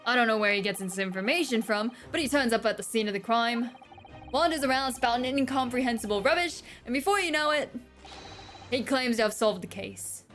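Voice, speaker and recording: A woman's voice: on the high side, a little fast, fairly bright tone, faint music behind, close to an everyday voice. Woman reading as scornful grumbling police inspector. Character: brusque middle-aged male police inspector.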